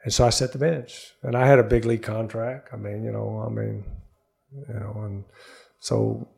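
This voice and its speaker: An older man with a gravelly, creaky voice tells a long personal story as a studio interview guest. He gets animated as he acts out what others said, raising his voice for their lines. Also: on the low side, normal speed.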